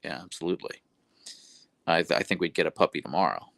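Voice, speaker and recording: A man's voice: low voice, fast, creaky, a bit bright, dry recording. A young adult man hosting a casual livestream, rambling and correcting himself as he reads chat messages aloud. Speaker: livestream host. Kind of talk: casual live-stream chat.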